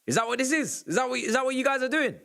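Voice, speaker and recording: A man hosting a live football reaction stream, sarcastic and exasperated, swearing and shouting at the referee's calls. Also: very high voice, animated, racing, gravelly. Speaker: livestream host reacting to a football match.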